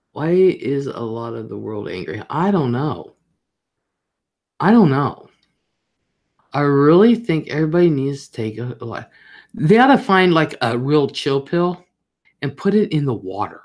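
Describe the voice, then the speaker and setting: A woman's voice: rumbling low, very animated, a little slow, long pauses, darkish tone. A woman hosting a casual livestream, chatting straight to her viewers in a rambling, talkative way. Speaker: livestream host.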